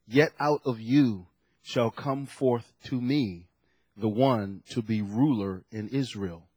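A man's voice: mid-range voice, slow, darkish tone, breathy edge, dry recording. A man preaching a sermon at a lectern to a congregation, telling stories with animation and acting out the voices in his quotes.

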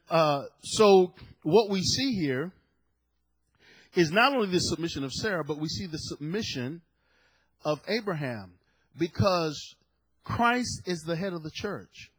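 A man's voice: a little high, animated, unhurried, pauses often, a bit bright, husky, no room sound, poor audio. A male pastor preaching a sermon emphatically, often chuckling and putting questions to the congregation.

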